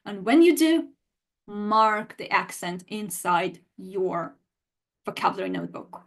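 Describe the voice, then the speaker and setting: This woman's voice is gravelly and medium-pitched, and she talks at a measured pace. She teaches a language lesson live online, engaging viewers directly in a lively, animated way and replying to their chat messages.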